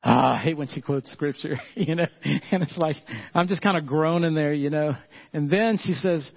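A man's voice: on the high side, normal speed, gravelly, slightly rough. A middle-aged man, a pastor, preaching a casual storytelling sermon in church. He chuckles often and addresses the congregation as y'all. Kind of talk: conversational sermon. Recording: slightly muffled recording.

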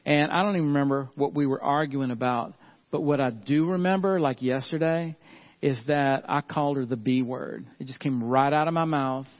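A man's voice: medium pitch, normal speed. Middle-aged male pastor, muffled recording. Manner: casual and storytelling, chuckling often, addressing the congregation as y'all. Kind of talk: conversational sermon.

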